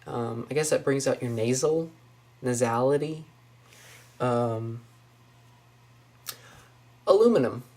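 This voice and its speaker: A young woman from Northwest Florida speaks with a Southern accent at a slow, easy pace. She talks casually from her apartment, saying a word and then reflecting on how she pronounces it. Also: extremely low pitch, a little mellow. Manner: musing, says each test word then comments on it. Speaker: vlogger. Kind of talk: casual accent-tag video. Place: small apartment indoors.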